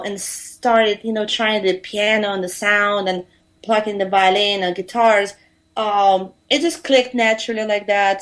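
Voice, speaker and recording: A woman from Europe, a musician guest on a radio show, telling stories in a chatty, rambling way with many fillers. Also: medium pitch. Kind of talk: casual radio interview storytelling.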